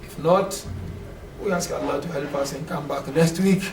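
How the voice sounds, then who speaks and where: A man with a high voice lectures a class on scripture in a casual, conversational way. He often turns to the listeners with questions. He is heard from a distance in a reverberant room, with faint background noise. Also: moderate pace, over music. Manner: conversational, often asks the class "you know". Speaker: religious teacher. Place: classroom at a community center.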